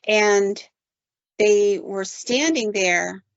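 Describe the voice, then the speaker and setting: Woman, podcast host, animated storytelling, muffled, dry close sound. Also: medium pitch, extremely slow, dry recording. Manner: animated, conversational, quotes with "like". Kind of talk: casual storytelling.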